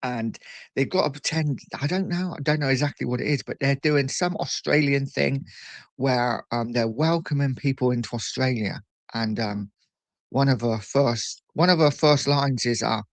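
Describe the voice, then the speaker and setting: A man's voice: medium pitch, moderate pace, no echo. A man hosting a casual morning livestream, chatting and reading out viewer messages at a desk mic. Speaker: livestream host. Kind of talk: casual live chat.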